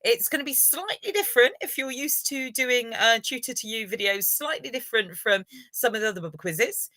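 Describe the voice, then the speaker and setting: A woman's voice: fairly high pitch, expressive, brisk, sharp tone, no echo. A woman hosting a live online revision lesson, encouraging viewers and running a quiz. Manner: encouraging, upbeat, praises viewers.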